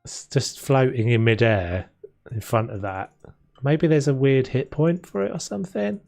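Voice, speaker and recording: A creaky, slightly mellow mid-range voice at normal speed comes from a young man streaming a renovation game. He chats loosely and rambles with viewers, talking to chat and laughing a lot, offering casual gameplay commentary as faint game music plays.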